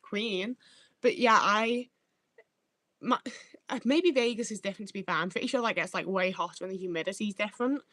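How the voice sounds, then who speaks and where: A young northern English woman hosts a livestream, reading out comments in blunt, casual chat and swearing freely. Her voice sits mid-range, fairly quick and fairly bright, with no echo.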